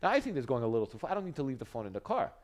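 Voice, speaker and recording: A man's voice: mid-range voice, sing-song, rapid-fire, darkish tone. A man in his forties on a casual chat as a guest, rambling and self-deprecating, stumbling over his words. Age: 40s.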